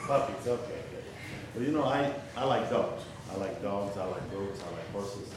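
A preacher with a fairly low-pitched voice prays and then tells a folksy, rambling story to a church gathering, often asking the listeners simple questions. He speaks at normal speed. The roomy hall sounds echoey and full of ambient noise, and the mic is far away.

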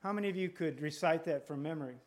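Higher-voiced man preaching a sermon. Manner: deliberate, emphatic preaching with repetition.

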